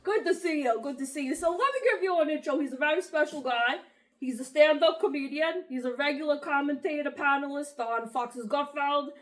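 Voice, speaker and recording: Comedy sketch: a woman plays a cocky, high-voiced macho self-help host who brags and rambles. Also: brisk, close to an everyday voice. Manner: boastful, rambling, vain. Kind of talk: comedic talk-show sketch.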